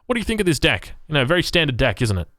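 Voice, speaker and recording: A man's voice: on the high side, big pitch swings, rapid-fire, a bit bright. A man casting a strategy game match play by play, upbeat and joking, often asking his co-caster questions. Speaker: esports caster.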